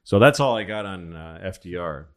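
A man's voice: low voice, lively intonation, moderate pace, a little hiss or hum. A man telling history stories in a rambling, profane, casual way as a podcast co-host. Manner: rambling, profane, acts out quotes.

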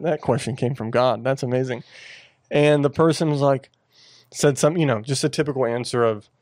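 A man's voice: mid-range voice, a little mellow, dry recording. Earnest man talking about his faith. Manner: earnest, halting with many restarts. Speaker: podcast co-host. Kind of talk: casual faith discussion.

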